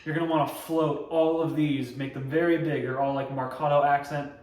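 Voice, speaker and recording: Young male drumline tutor, relaxed step-by-step delivery, distant mic in a roomy space with loud noise behind. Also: a little high, a little fast. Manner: relaxed, explains step by step, scats drum rhythms. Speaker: drumline instructor. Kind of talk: casual instructional tutorial.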